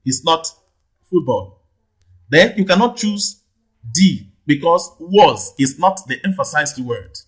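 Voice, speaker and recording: A man's voice: on the high side, animated, measured pace, breathy edge, poor audio. A male tutor patiently explaining exam answers, repeating question numbers and checking with "right?". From Nigeria. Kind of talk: teaching lesson, explaining answers.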